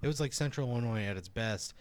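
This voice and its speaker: A man's voice: medium pitch, fast, clear, resonant tone, dry recording. A man telling a rambling stand-up story in casual chat, full of fillers and swearing. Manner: animated, lots of fillers, swears. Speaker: stand-up comedian.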